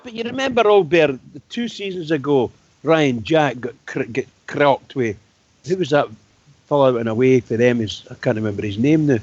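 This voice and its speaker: A man's voice: mid-range voice, lively intonation, normal speed, darkish tone, no echo. A Scottish man on a football fan phone-in, recalling old games in a storytelling way. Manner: reminiscing, storytelling. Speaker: radio co-host. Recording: dry, dull lo-fi radio sound.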